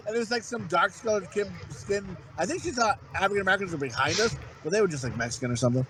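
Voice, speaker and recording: A man's voice: high voice, expressive, brisk, fairly bright tone, a little hiss or hum. A man in his thirties, a podcast co-host, telling crude rambling stories in casual chat and acting out what people said. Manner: crude, rambling storytelling with acted-out quotes.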